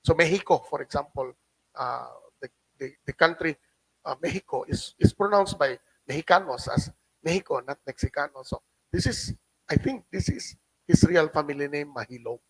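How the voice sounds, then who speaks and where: A middle-aged man with a Cebuano accent, giving a halting lecture as a guest speaker and often adding a questioning "no?". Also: a little high, husky, no room sound, low-quality recording. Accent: Filipino, Cebuano. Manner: halting, with frequent restarts and tag "no?". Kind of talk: lecture reading a translated document. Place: hotel function room.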